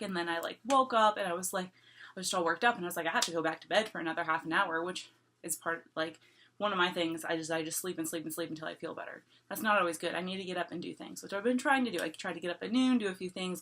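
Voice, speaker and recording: A woman's voice: lowish voice, sharp tone. A woman vlogger talking casually to camera, rambling and repeating herself, with lots of "like" and small laughs between thoughts.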